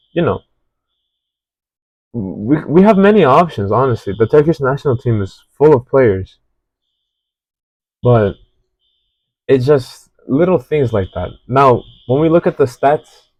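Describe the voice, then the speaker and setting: A man's voice: medium pitch, expressive, slow pace, long pauses, a little mellow, no room sound, low-quality recording. A man casually analyzing a football match, talking in a rambling, hesitant way with many fillers and restarts. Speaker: football reaction host.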